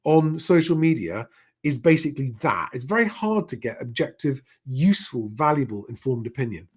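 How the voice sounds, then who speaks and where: A man's voice: medium pitch, big pitch swings, normal speed, breathy edge. A middle-aged man hosts a casual live stream, reading out chat comments and rambling with many fillers and restarts.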